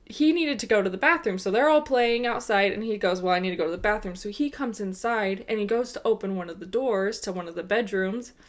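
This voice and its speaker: A woman's voice: medium pitch, a little fast, few pauses. A woman co-hosting a podcast, telling a funny story in casual chat and laughing often as she goes. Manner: animated, laughs often while telling stories. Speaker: podcast co-host.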